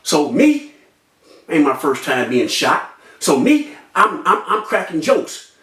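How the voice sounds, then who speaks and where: A young man telling a personal story in an animated way, acting out voices and sound effects with street slang. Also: a little high, takes it slowly, distant mic. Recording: echoey room, off-mic.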